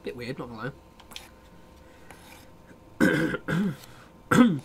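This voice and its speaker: Young guy streaming a game, animated, cheeky, swears a lot, bit of faint hiss. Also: a little high, very slow, creaky. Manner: chatty, sweary, talks back to chat. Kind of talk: casual gameplay commentary.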